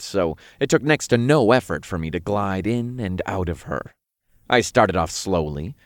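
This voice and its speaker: A man reading a first-person story as narrator in an even, unhurried way. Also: low-pitched, no echo, clean studio sound.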